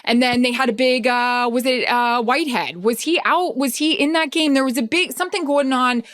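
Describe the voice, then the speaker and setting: Smooth-voiced woman telling animated stories. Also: high-pitched, brisk, no echo, studio quality. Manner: animated storytelling, nervous self-talk. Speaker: podcast co-host and sideline reporter. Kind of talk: casual chat.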